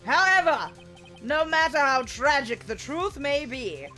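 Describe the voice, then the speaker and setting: A cool, proud young prosecutor with a put-on British accent, as a woman reads him out. He speaks in formal, clipped lines at a slow, deliberate pace. The voice sits fairly high, and soft music plays behind it. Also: sing-song, heavily acted. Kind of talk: reading game dialogue aloud.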